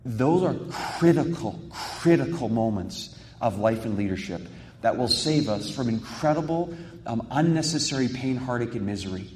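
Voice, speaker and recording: A man's voice: medium pitch, animated, normal speed, a little mellow. A male pastor preaching a sermon in a conversational way, with rhetorical questions and personal stories. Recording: echoey hall with long reverb.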